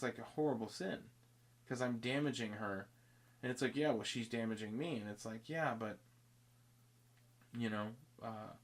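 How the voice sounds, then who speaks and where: Man, casual podcast storytelling, rambling, restarts, mid pitch. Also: fairly bright tone. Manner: rambling, self-interrupting, acts out both sides of dialogue.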